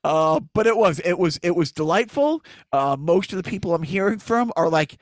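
A man's voice: high voice, animated, normal speed, no room sound. A man hosting a podcast in a casual, joking way, laughing often between lines. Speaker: podcast host.

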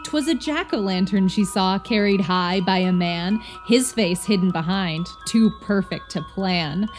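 Slow, measured woman reading a spooky poem. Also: mid-range voice, darkish tone. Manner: measured, playful storytelling. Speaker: poem reader. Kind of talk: narrating a rhyming spooky poem.

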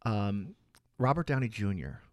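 A man's voice: fairly low pitch, big pitch swings, a little slow, a little mellow, no echo. Chatty man co-hosting a podcast. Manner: chatty, thinks aloud with fillers. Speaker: podcast co-host. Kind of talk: casual chat.

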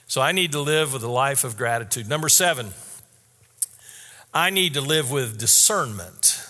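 A man preaching a sermon in an earnest, candid way, repeating his key statements slowly. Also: mid-range voice, animated, pushed and bright, in a large hall. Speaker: pastor.

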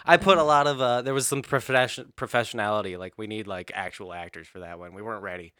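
A man's voice: on the low side, fast talker, sharp tone, dry recording, studio quality. A man casually narrating a comedic parody script, laughing mid-sentence and dropping sarcastic asides.

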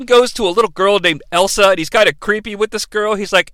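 A man rattles through a movie recap with crude, irreverent jokes. His voice is high and bright, and the sound is dry and close. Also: brisk, few pauses, smooth, no room sound. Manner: irreverent, profane, joking. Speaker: movie reviewer host.

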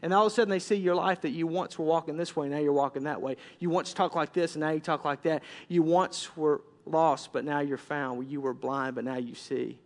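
A man preaching a sermon in a fairly high voice, his words ringing out with a long hall echo. He swings between loud, animated bursts and quiet, hushed lines, acting out what his listeners might say. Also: a little fast, hardly any pauses. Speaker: pastor. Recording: long reverb of a large hall.

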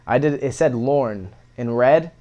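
A man's voice: medium pitch, unhurried, lo-fi sound. Rambling, slangy young man telling stories. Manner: rambling, slangy, heavy profanity, fillers of "bro" and "like". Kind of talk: casual storytelling chat.

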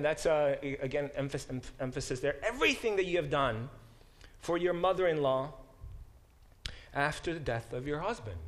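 A middle-aged man giving a lecture to a class as its professor, explaining with frequent fillers and restarts. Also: a little high. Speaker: professor teaching a Bible class.

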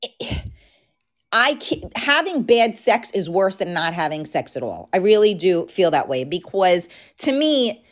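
A woman's voice: medium pitch, sing-song, unhurried. Frank, chatty woman podcast host. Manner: frank, chatty, talks straight to listeners. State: losing her voice. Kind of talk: casual chat.

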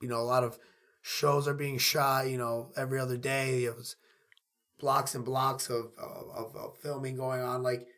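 A man from Queens with a New York accent, an excitable podcast co-host who rambles and repeats himself in casual chat. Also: mid-range voice, normal speed.

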